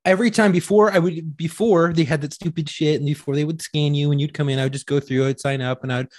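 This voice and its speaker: A man talks at a quick clip, swearing freely as he tells a loud story about airport security. The sound is dry and close, with no room around it. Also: a little high, steady tone, no room sound. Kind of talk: casual profane banter.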